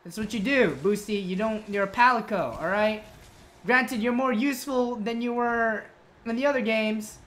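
A woman commenting on her own gameplay, scolding the monster like an unruly child, swearing and yelling when things go wrong. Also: fairly high pitch, moderate pace. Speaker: gamer.

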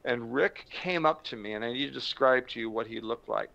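A man with a mid-pitched, gravelly voice tells a story slowly and dramatically, leaning on pauses for effect. The recording is dull and lo-fi, with the top end muffled. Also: sharp tone. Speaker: motivational speaker. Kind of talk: storytelling talk to camera. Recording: dull lo-fi sound.

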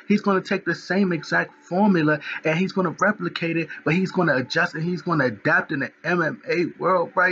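A man giving excited, slangy, animated commentary in his own vlog. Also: high voice, muffled recording, slight background noise. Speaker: sports commentary vlogger.

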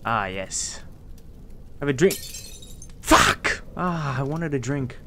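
A man giving casual let's-play commentary, swearing a lot, excitable, and talking to himself as he plays. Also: medium pitch, takes it slowly, heavy background noise. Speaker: gameplay streamer.

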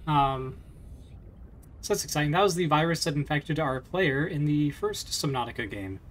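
A man giving relaxed, rambling commentary over his video game. His voice sits a little high, and he fills pauses and chuckles as he talks. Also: a little hiss or hum. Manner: chatty, rambling with fillers and little laughs. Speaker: let's play host. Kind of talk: casual gameplay commentary.

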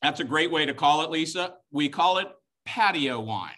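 A man's voice: on the high side, lively intonation, normal speed, sharp tone. A middle-aged man hosting a live-streamed wine tasting class, chatty and joking as he walks viewers through each wine. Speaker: wine tasting host and instructor.

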